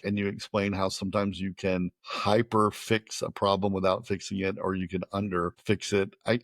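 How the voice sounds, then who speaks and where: A man's voice: on the low side, no room sound. An American man hosting a podcast, chatting casually and rambling, often repeating words as he starts a sentence. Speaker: podcast host.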